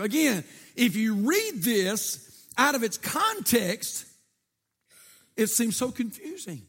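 High-voiced man preaching a sermon. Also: sing-song, slow pace, long pauses, slightly rough. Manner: preaching with rising shouts and call-outs to the church. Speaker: pastor.

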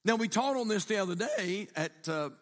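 A man's voice: high-pitched, expressive, moderate pace. A man preaching a sermon, repeating himself for emphasis and asking the congregation questions. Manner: repetitive, emphatic, conversational, asks the congregation questions. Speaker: pastor. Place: church sanctuary. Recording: reverberant church hall.

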